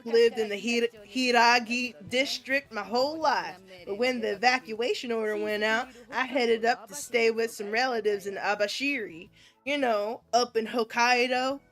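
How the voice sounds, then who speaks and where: A woman's voice: fairly high pitch, normal speed, a bit bright, faint music behind, natural voice. A woman voicing a chatty, motherly middle-aged cafeteria woman with a homely, folksy drawl, read from a visual novel.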